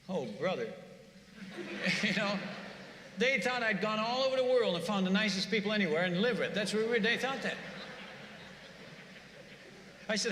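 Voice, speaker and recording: A man preaching in a church, telling a mission story in an animated, conversational way and often repeating words. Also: sits high, normal speed. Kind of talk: sermon storytelling. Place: church sanctuary. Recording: echoey church hall.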